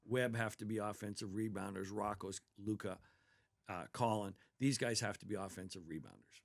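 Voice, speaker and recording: A man's voice: fairly low pitch, normal speed, gravelly. A man who is a basketball head coach, talking earnestly in a casual interview and telling stories about his players with enthusiasm.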